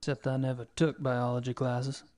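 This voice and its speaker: A man's voice: mid-range voice, flat delivery, normal speed, darkish tone, lightly acted. An actor playing a wry American male occult investigator who makes dry, sarcastic remarks.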